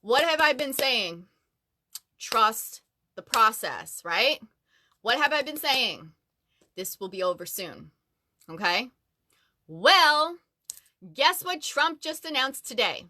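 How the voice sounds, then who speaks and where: Bubbly woman with a bright voice livestreaming. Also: high voice, very animated, slow, pauses often. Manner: bubbly, chatty, greets viewers by name. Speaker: livestream host. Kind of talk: casual livestream chat. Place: closet at home.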